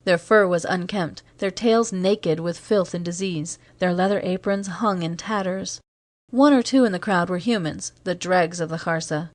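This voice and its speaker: A woman narrating a science fiction audiobook in a steady, measured reading. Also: lowish voice, no echo.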